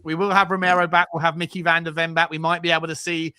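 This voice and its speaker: A man hosting a casual football podcast, talking in animated bursts of banter and often repeating words. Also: fairly high pitch, fast, clean tone. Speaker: podcast host.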